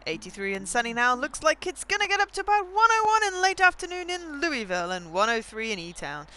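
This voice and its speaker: A woman's voice: high-pitched, sing-song, fast talker, bright, forceful tone, pitched above the performer's own voice, exaggerated voice. A woman voicing a cheerful morning radio announcer reading weather and traffic, with an upbeat, punchy delivery. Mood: chipper.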